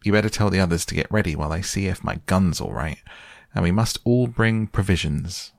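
An eager young boy rattles off plans and orders to his friends, as a man puts him on in a storybook reading. The voice is lifted and brisk, still with a gravelly edge. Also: low voice, expressive, dry recording, clean studio sound. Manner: eager, bossy.

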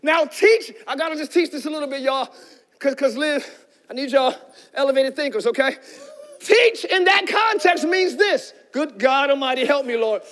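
A male pastor preaching a sermon with fervent energy, often shouting and calling out to the congregation. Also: extremely high pitch, steady tone, fairly quick.

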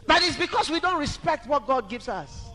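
A man preaching a sermon dramatically, shouting at times and breaking into song. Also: sing-song, normal speed. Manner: dramatic, shouting and singing, wide swings in pitch. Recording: echoey hall reverb.

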